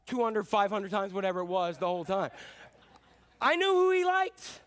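A high-voiced man preaching a lively sermon. He rambles through stories in a casual, conversational way, with a few filler words and restarts. Now and then he breaks into sudden loud cheers. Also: moderate pace. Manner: animated storytelling with sudden whoops. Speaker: pastor.

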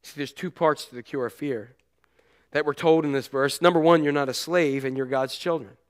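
A middle-aged man preaching a sermon as a pastor, telling stories with animated energy and shouting out the cries he quotes. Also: fairly high pitch, moderate pace, smooth.

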